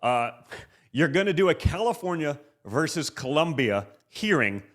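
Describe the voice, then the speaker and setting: A man hosting a political interview show, talking quickly and emphatically and tagging his asks with "okay". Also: on the high side, big pitch swings, fairly bright tone. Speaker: podcast host.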